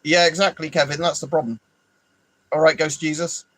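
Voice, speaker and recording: A man's voice: fairly high pitch, level tone, normal speed, a bit bright, no room sound, poor audio. An Englishman hosting a casual livestream, rambling, swearing freely and answering viewers by name. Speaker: livestream host. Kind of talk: casual live chat.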